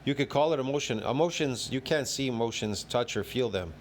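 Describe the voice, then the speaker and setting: A man's voice: medium pitch, expressive, fairly quick, slight background noise. A man reacting to a video with a long, emphatic rant full of repeated phrases and rhetorical questions. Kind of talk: ranting commentary.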